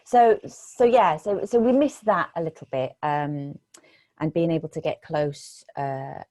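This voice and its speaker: An actress chats in an interview, warm and lower-pitched, bringing her stories to life by playing out old conversations. The sound is dry and close, with little room behind it. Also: a little slow, no echo. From Britain. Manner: animated storytelling, re-enacts conversations. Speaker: actress guest.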